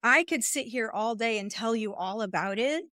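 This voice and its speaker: A woman's voice: on the high side, animated, normal speed, pushed and bright, no echo, studio quality. A woman coach speaking as a podcast guest, explaining ideas expressively and acting out inner voices. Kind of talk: podcast interview conversation.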